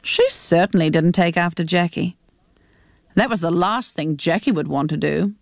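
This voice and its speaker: A woman reading a novel aloud on radio in an expressive, animated storytelling manner. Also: lowish voice, moderate pace, gravelly, no room sound, clean studio sound. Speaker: reader.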